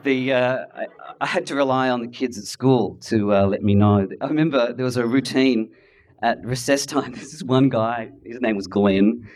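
Audience laughter fills an event hall as a middle-aged Adelaide man recounts his story at a moderate pace. His medium-pitched voice is a little mellow, and his delivery is wry and self-deprecating, with playful impressions and asides.

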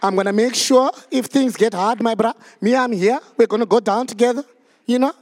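Man putting on a swaggering Cape Flats buddy. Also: very high voice, fairly quick, big-room sound, pitched above the performer's own voice. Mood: boastful, loyal. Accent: Cape Flats (Mitchell's Plain, Cape Town). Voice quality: boastful, swaggering, loud. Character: brash loyal male disciple, streetwise Cape Flats buddy. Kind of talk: preacher acting out a scene in a sermon.

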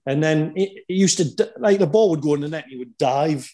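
Man swapping animated dressing-room stories. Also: a little high, brisk. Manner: animated anecdotal storyteller, chuckles often. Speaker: podcast host and former footballer. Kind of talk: casual storytelling chat.

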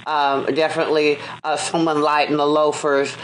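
A man's voice: a little high, monotone, normal speed, a little hiss or hum, low-quality recording. A man hosting an interview, asking questions hesitantly with many fillers. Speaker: interview host. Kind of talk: interview chat.

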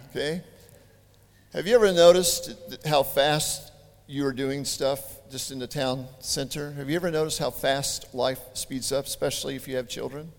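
Gravelly preacher in a reverberant hall. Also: male voice, mid-range voice. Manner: animated, chatty storytelling with joking asides. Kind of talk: storytelling sermon.

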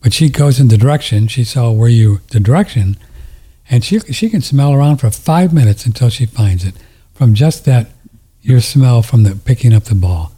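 Man, dark husky tone, rambling, tender, laughs a lot. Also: mid-range voice, expressive, moderate pace. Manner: rambling storytelling, emotional and tender, laughs often. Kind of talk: casual chat.

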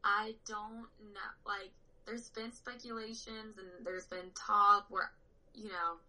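A young woman tells stories in casual conversation. Her voice is strikingly bright and clear, and she talks animatedly, often breaking into laughter. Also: medium pitch, steady tone, takes it slowly, poor audio. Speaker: powerlifter guest. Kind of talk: casual chat.

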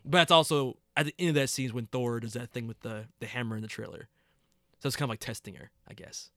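A young man co-hosting a casual podcast chat, opinionated and animated, swearing and laughing often. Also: mid-range voice, fast, dry recording, studio quality. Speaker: podcast co-host. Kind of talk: casual chat about superhero movies.

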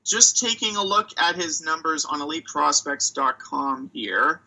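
A man's voice: on the high side, animated, a little slow, pushed and bright, rough recording. A man co-hosting a hockey podcast, talking casually and thinking aloud as he weighs prospects and reads out stats. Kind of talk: casual chat.

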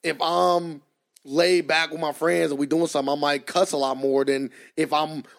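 A man's voice: on the high side, flat delivery, normal speed, creaky. A man co-hosting a podcast, arguing his point in casual chat and joking around. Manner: argumentative, joking, laughs often. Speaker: podcast co-host.

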